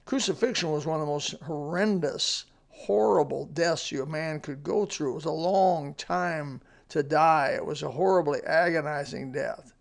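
A man's voice: a little high, normal speed, creaky, hardly any pauses. A man giving a short devotional sermon in a plainspoken, earnest way, with folksy asides. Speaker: radio devotional speaker.

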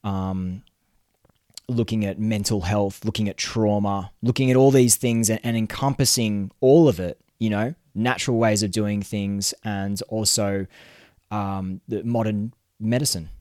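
A man's voice: on the low side, fairly even intonation, measured pace, darkish tone, dry recording, clean studio sound. A man hosting a solo podcast, talking earnestly and chattily with lots of fillers and restarts. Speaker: podcast host.

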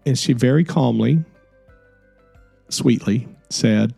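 On his own podcast, a middle-aged man tells a personal story, soft-spoken, earnest, and reflective. His mid-range voice is dark and mellow with a gravelly edge, and he talks slowly. Quiet music plays faintly behind him, with no room sound.

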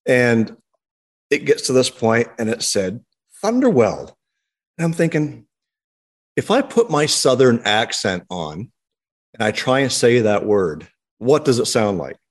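In a podcast studio, a Canadian man co-hosts a car podcast, chatting casually in a playful, teasing, mock-stern manner. His medium-pitched voice swings widely in pitch, and he never hurries.

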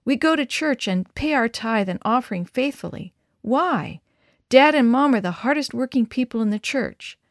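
A woman's voice: fairly high pitch, expressive, moderate pace, dry recording, clean studio sound, voice pushed up. A woman voicing an injured seventh-grade boy who speaks in an earnest, questioning way.

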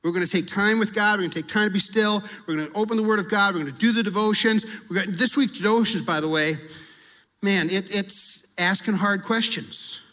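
A male pastor with a high voice delivers a sermon in a conversational, down-to-earth way. He slips into acted-out prayers and confessions as he talks. The sound carries a long reverb, as in a large hall. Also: a little fast, pushed and bright.

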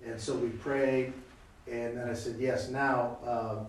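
In a sermon on prayer, a preacher with a medium-pitched voice tells a story slowly, acting out the voices of its characters with animated energy. He's recorded from far off in an echoey room.

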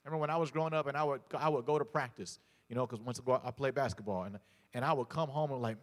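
A man's voice: mid-range voice, quick pace, long reverb tail. A male pastor preaching a sermon, telling stories, often repeating words and calling out to the congregation.

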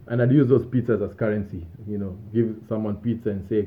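A young man hosting a podcast, telling stories from his student days in a relaxed, rambling way with small laughs and restarts. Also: on the low side, a little fast, a little hiss or hum. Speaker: podcast host. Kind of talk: casual storytelling monologue. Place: Australia. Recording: tinny phone-like sound.

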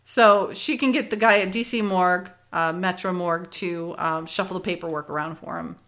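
A woman's voice: lowish voice, moderate pace, a bit bright. A woman co-hosting a casual chat, retelling TV scenes with frequent laughter and fillers. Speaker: podcast co-host recapping a TV episode.

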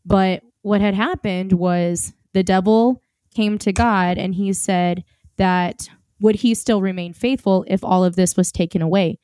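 A woman's voice: mid-range voice, fairly even intonation, a little slow, dark tone, clean tone, no room sound, studio quality. A woman with a light Southern American accent, co-hosting a faith podcast in a joking, self-deprecating way. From Oklahoma, USA. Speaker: podcast co-host. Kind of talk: casual faith podcast chat.

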